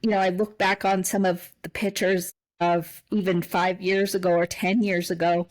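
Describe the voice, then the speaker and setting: A woman's voice: lowish voice, flat delivery, moderate pace, low-quality recording. A woman co-hosting a casual podcast, talking in a reflective way that turns emotional, with frequent restarts. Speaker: podcast co-host.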